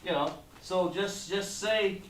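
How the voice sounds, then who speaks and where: A man teaching an online language class, patient and repetitive, drawing out words slowly to model pronunciation. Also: high voice, a bit bright, far from the mic. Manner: patient, repeats points, drawn-out slow pronunciations. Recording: echoey room, voice away from mic.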